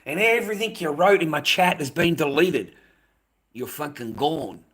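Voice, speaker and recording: A man's voice: a little high, animated, moderate pace, fairly bright tone, breathy edge. An Australian man with an Australian accent, ranting aggressively and profanely at his live-stream chat.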